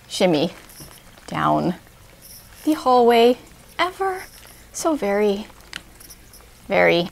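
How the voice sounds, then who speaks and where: Gravelly, out-of-breath woman filming herself. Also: medium pitch. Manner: strained, breathy, self-encouraging. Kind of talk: narrated home video clip. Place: hallway at home, hardwood floor. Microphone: handheld camera.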